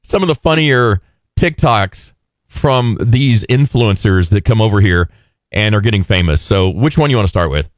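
A man's voice: lowish voice, lively intonation, moderate pace, dry recording, studio quality. A male radio show host from Texas, chatting casually and joking with lots of laughter. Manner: laughing, jokey. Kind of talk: casual chat.

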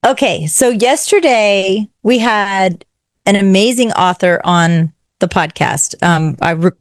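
A woman who hosts a podcast, telling a story on a radio chat show in a fast, excitable way. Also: mid-range voice, no room sound, studio quality. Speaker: podcast host and radio regular. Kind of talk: animated storytelling in casual chat.

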